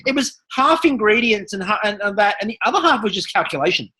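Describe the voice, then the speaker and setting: A woman co-hosting a casual podcast, recapping a TV episode with animated storytelling. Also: mid-range voice, fast, husky. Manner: animated storytelling with mimicked quotes. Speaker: podcast co-host.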